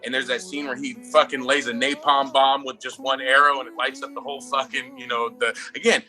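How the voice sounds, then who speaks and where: A man's voice: medium pitch, brisk, soft background music. A man in casual podcast chat about a movie, swearing a lot and laughing often as he tells scenes. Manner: profane, excitable, laughs often while telling. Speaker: movie review podcast co-host.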